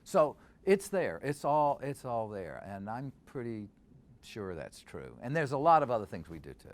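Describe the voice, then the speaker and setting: A man's voice: mid-range voice, moderate pace. An older man, a scholar and theater director, answering interview questions and reciting verse lines to show how they are stressed. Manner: animated, quotes verse aloud to show stresses.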